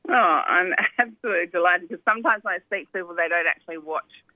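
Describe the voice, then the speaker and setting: A woman's voice: fairly low pitch, fast, no echo. A middle-aged documentary filmmaker, a woman, chatting animatedly as a phone-in guest. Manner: chatty, animated storytelling with asides. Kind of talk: phone interview. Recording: tinny phone line.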